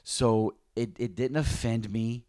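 A man voicing God as calm, patient and thick-skinned, speaking softly and with measured reassurance. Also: medium pitch, clean tone, close to an everyday voice. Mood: reassuring.

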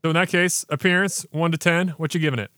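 A man's voice: fairly high pitch, steady tone, fast talker, a bit bright, dry recording. A man hosting a podcast, chatting casually and enthusiastically through a beer review with slangy banter. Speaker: podcast host.

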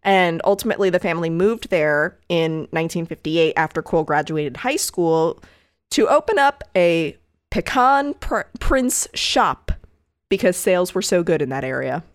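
A woman's voice: on the low side, expressive, normal speed, no room sound, studio quality. Chatty woman telling a case story. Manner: chatty, loose and swearing, with frequent asides. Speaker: podcast co-host telling a case. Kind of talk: casual chat.

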